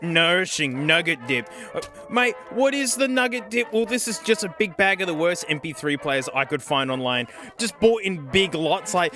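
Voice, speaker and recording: Excitable high, lively man. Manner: excitable, jokey, many exclamations and laughs. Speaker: tech video host. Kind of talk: casual unboxing commentary.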